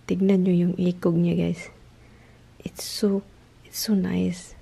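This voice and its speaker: A woman's voice: fairly low pitch, flat delivery, takes it slowly, gravelly, long pauses, mellow, slightly rough. A woman from the Philippines filming a casual home vlog, laughing often and switching between Tagalog and English. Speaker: vlogger. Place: home, indoors.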